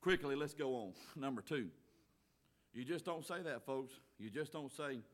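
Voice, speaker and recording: A man preaching a sermon as pastor, folksy, moving from quiet asides to loud shouting. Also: on the high side, expressive, normal speed.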